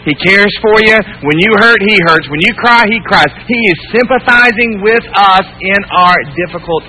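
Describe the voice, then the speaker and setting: A male pastor with a high, very bright voice delivers a sermon in church. He swings from loud, pressing emphasis to hushed tenderness and keeps asking the congregation rhetorical questions. A faint mains hum runs under the recording. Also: normal speed, few pauses, low-quality recording.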